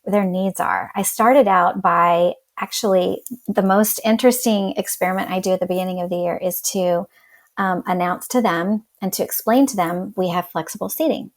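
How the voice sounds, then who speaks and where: A woman teacher being interviewed, talking in a lively way and acting out what she says in class. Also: lowish voice, moderate pace. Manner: animated, acts out classroom talk in quotes. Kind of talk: casual interview talk.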